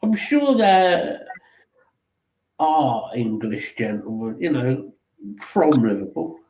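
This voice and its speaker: A man's voice: medium pitch, sing-song, takes it slowly, darkish tone, echoey room, low-quality recording. A man co-hosting a podcast with dry, teasing humour in casual banter. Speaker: podcast co-host.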